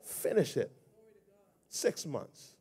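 A male pastor with a Bahamian accent preaching a sermon in church, swelling into shouted, sing-song cadences. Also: extremely slow.

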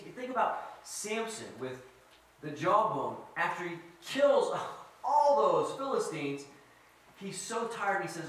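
A man telling a story as a sermon, animated and quizzing his audience. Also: high voice, a little slow. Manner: animated, asks the audience questions. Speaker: guest speaker. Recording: very echoey hall, mic at a distance.

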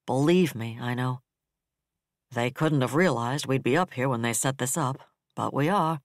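A man doing a flat, bitter defense chief. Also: medium pitch, normal speed, dry recording, studio quality, lightly acted. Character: bitter, level-headed older male defense director.

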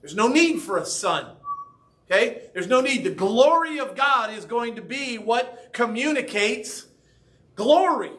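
A man's voice: extremely high pitch, lively intonation, unhurried, a bit bright. A man preaching a sermon as pastor, talking conversationally and often checking in with "right?" and "okay?". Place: church sanctuary.

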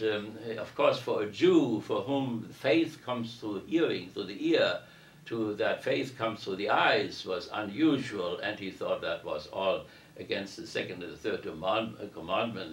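A low-pitched man with a gravelly edge lectures to an audience, reading a text aloud and then talking it through in a rambling, explanatory way. He is heard from some distance in a reverberant room. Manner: discursive, reads passages aloud then comments on them. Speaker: university lecturer. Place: parish hall lecture room. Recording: roomy echo from a distance.

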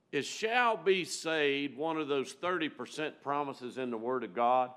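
A man preaching a storytelling sermon in a church, folksy and emotional, rising loud and dropping to a near-hush. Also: on the high side. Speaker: guest preacher. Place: church sanctuary.

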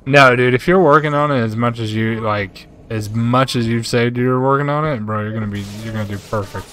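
This young streamer's mid-range voice is fairly quick and fairly bright. He gives live commentary on his game, reading viewers' messages aloud in a laid-back, chatty way and dropping "bro" often.

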